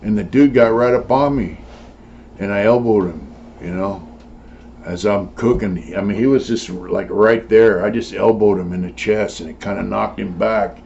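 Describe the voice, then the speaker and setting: A man's voice: on the low side, moderate pace, creaky, a little mellow. An older man telling his own story casually, blunt and profane, rambling with many fillers. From California. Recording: dull lo-fi sound with faint noise.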